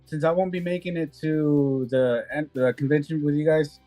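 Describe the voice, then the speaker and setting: A chatty man with a slightly higher voice, talking casually with a few hesitations. Faint music plays under the conversation. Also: moderate pace, warm tone, no echo. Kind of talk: casual podcast banter.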